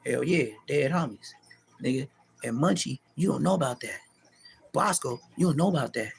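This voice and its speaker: A middle-aged man delivering a profane, taunting callout rant to the camera, animated and mocking. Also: moderate pace, vocal fry, husky. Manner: animated, profane, taunting, pitch leaping high in mocking bursts. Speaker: street vlogger.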